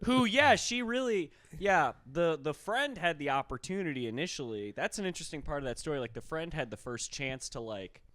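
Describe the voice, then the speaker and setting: A man who is a comedian guesting on a podcast, making deadpan absurd jokes in casual chat and laughing at his own lines. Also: fairly high pitch, fairly quick, few pauses, no echo.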